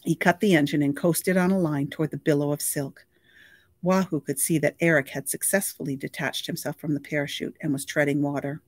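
An audiobook reader narrating a novel in a steady, even storytelling voice. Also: mid-range voice, brisk, no room sound, clean studio sound.

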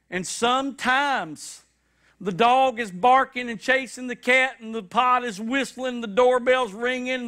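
A man preaching a sermon, animated and repetitive, with shouted high-pitched acted quotes, in a church. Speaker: pastor. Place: church sanctuary.

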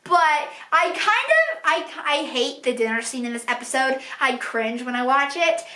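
A woman vlogger talking casually from a room at home, excitable and rambling with lots of fillers. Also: sits high, moderate pace. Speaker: book and TV vlogger. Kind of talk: casual ranking vlog. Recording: echoey room.

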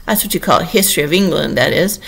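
A woman's voice: lowish voice, lively intonation, fast, creaky, breathy edge, heavily acted. A woman reading an audiobook and voicing a pompous, touchy egg-man perched on a wall, in a raised, blustering voice. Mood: haughty. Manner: blustering, haughty, loud. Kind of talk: audiobook character voice.

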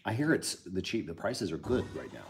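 A man's voice: low-pitched, big pitch swings, fairly quick. A middle-aged man hosting a casual live stream, rambling and joking dryly as he reads out where viewers are from. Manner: rambling, reads out viewer locations, dry jokes. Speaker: host.

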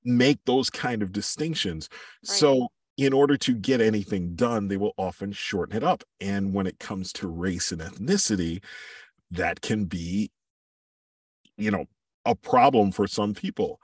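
A man with a low, husky voice talks through his views as a podcast guest. He is measured and reflective and builds his points with examples. The recording is dry, and the mic sits some distance from him. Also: darkish tone, dry recording. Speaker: voiceover artist and coach, guest. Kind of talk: podcast interview, thoughtful conversation.

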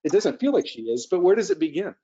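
A man's voice: high voice, sing-song, fast, warm tone, highs cut off. A man from Virginia moderating a public conversation, asking questions in a friendly, hesitant way.

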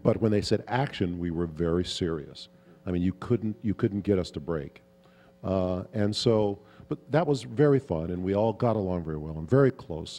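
A man with a low, dark, mellow voice tells stories at a fan convention Q&A. He rambles a little, chuckles, and fills gaps with "um" and "you know." He speaks into a handheld mic in a panel room. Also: long reverb tail. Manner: relaxed, chuckling, rambling with fillers. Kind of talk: anecdotal storytelling at a Q&A.

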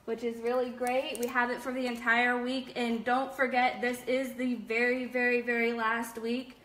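A woman's voice: fairly high pitch, level tone, normal speed, fairly bright tone. A young woman hosting a casual live stream, reading viewer comments aloud with many fillers. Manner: chatty, upbeat, many fillers. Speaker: live-stream host of a nail product shop.

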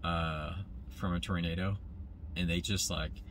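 A man's voice: deep voice, unhurried, slight background noise. A man comedian rambling through a comic rant, talking straight to his viewers from inside a moving car. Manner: animated, tangent-prone, talks straight to viewers.

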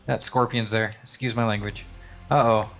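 A man's voice: lowish voice, level tone, moderate pace, a bit bright, faint music behind. A man chatting casually while playing a co-op game, laid-back but given to sudden swearing outbursts. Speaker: gamer. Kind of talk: casual co-op gameplay chat.

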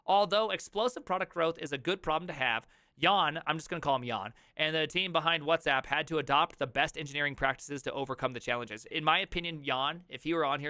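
A man reacting on a live stream, reading an article aloud and breaking off into animated, jokey asides and sudden shouts. His voice is bright and crisp, a little high, and recorded close and dry. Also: fast, dry recording. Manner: animated, jokey, reads aloud then riffs with loud outbursts.

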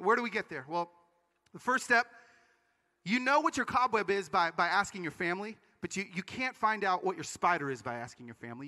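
Male conference preacher, high bright voice, animated storyteller, hall reverb. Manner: animated storytelling with quick asides. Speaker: conference speaker. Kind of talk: energetic sermon talk.

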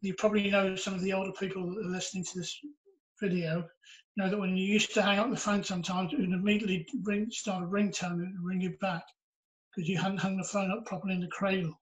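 High-voiced man telling his story. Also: little pitch movement, fast, rough recording. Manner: earnest, reflective storytelling. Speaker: interviewee sharing his testimony. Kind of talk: personal storytelling.

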